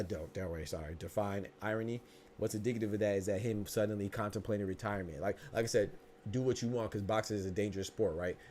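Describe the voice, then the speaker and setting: Laid-back, low-voiced joking boxing host. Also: male voice, darkish tone, a little hiss or hum. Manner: loose, joking, profane, swings from laughing to mock anger. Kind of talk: live-stream chat, reading chat comments.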